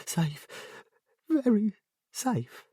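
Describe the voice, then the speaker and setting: A woman's voice: medium pitch, big pitch swings, drawn-out words, warm tone, husky, no room sound, clean studio sound, pitched above the performer's own voice, exaggerated voice. A man voicing a distraught, confused woman who wails, sobs and slips into a sing-song, twittery voice. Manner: wailing, sobbing, sing-song.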